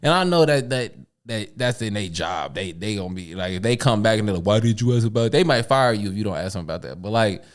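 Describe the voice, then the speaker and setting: A man's voice: lowish voice, animated, fast talker, few pauses. A man co-hosting a podcast in casual chat, talking in laid-back slang with emphatic asides. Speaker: podcast co-host.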